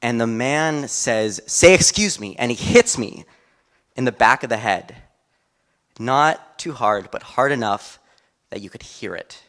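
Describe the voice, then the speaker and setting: A man's voice: medium pitch, a little slow, pauses often, sharp tone. A man in his twenties, a college student, telling a casual personal story on stage.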